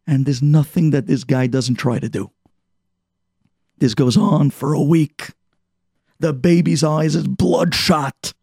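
A man preaching a sermon as an animated parable, acting out the characters. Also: a little high, slow pace, gravelly, pauses often, husky, no room sound, studio quality. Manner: animated parable-telling with voices. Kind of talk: storytelling sermon.

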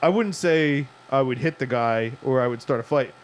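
A man's voice: mid-range voice, normal speed. A man co-hosting a casual chat, reacting with laughs and lots of "like" as he thinks aloud. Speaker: podcast co-host.

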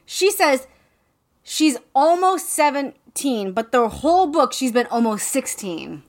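A woman's voice: sits high, slow. A woman co-hosting a casual podcast, recapping a book with lots of swearing and joking. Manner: profane, joking, animated retelling with quoted voices. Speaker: podcast co-host.

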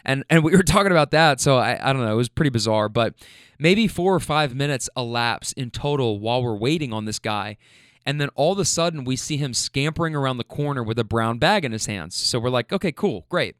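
A man casually telling a funny anecdote, animated and often laughing as he mimics the people in it. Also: medium pitch, fairly quick, clean tone, no room sound, clean studio sound. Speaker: storyteller recounting a rideshare trip.

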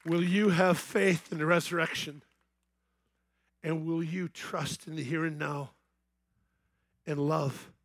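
A middle-aged man preaches in a high, bright-pitched voice, telling a personal story that rises to excited shouting. The sound is dry and close, with no room around it. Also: slow, pauses often, no echo. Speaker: festival speaker. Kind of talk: evangelistic youth sermon. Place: large outdoor festival main stage.

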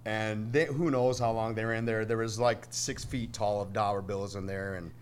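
A man's voice: fairly low pitch, fairly even intonation, normal speed, a little hiss or hum. Blunt, crude-talking man in a band. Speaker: band member guest. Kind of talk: casual chat.

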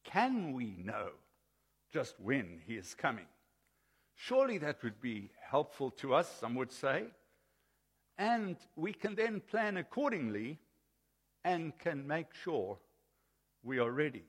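Slow, lively-voiced preacher in a reverberant hall. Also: male voice, mid-range voice, husky. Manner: measured, emphatic preaching with lively swings. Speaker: pastor. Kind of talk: sermon. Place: church. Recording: old sermon recording with long hall reverb.

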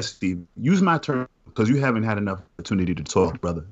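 A man's voice: on the low side, very animated, quick pace, few pauses, lo-fi sound. A man co-hosting a casual podcast chat, teasing his friends with mock offense. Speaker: podcast co-host.

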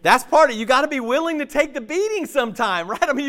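A middle-aged man, a pastor, preaching a sermon in an animated, conversational way, often checking in with his listeners. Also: very high-pitched, fast talker, few pauses.

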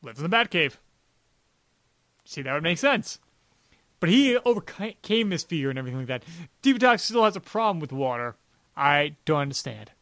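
Male podcast co-host, high voice, rambling and jokey. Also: sing-song, moderate pace, long pauses, a bit bright, no room sound. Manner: rambling, laughing, sarcastic, many "like"s. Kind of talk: casual chat.

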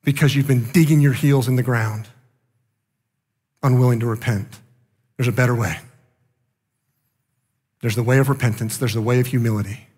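A male pastor preaching a sermon with passion, rising loud and then dropping quiet. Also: medium pitch, fairly even intonation, normal speed, long pauses, in a large hall.

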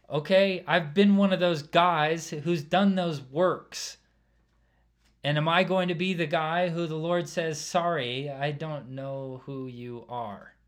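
Conversational preacher man, fairly high voice. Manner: conversational, keeps asking "right?", drops quieter for asides. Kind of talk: casual sermon.

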